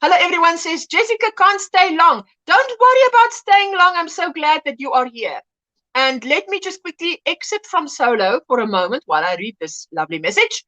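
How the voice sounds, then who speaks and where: A woman's voice: high voice, big pitch swings, a little fast, sharp tone. A middle-aged woman hosting a casual livestream chat, reading viewers' comments aloud and laughing often. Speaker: livestream host.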